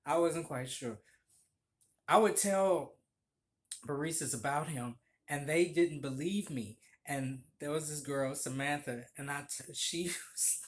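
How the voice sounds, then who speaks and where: A former barista telling a story in a chatty, gossipy way, laughing often and swearing casually. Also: mid-range voice.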